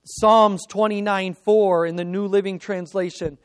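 A man's voice: high-pitched, fairly even intonation, a little slow, few pauses, clean tone, dry recording. A man preaching a sermon, building through emphatic repeated phrases. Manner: preaching with rising emphatic repetition. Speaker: pastor.

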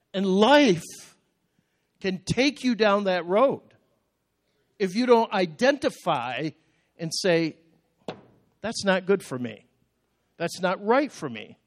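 An older man delivering a sermon, with a voice pitched a bit high for a man. He tells personal stories in a plain way, dropping low and quiet and then rising into sudden loud outbursts. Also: big pitch swings, takes it slowly, long pauses, no room sound. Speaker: pastor.

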